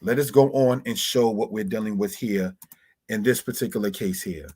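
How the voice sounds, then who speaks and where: A man teaching Hebrew words from slides, slowly spelling out terms and often calling his listeners brothers and sisters. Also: lowish voice, darkish tone, breathy edge. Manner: slow, deliberate spelling-out of words.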